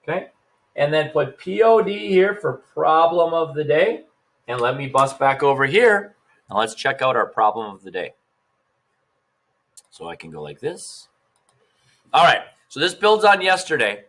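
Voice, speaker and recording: A man's voice: fairly high pitch, very animated, a little slow, pauses often, a bit bright. A male teacher giving a recorded math lesson, casual and upbeat, talking straight to his students.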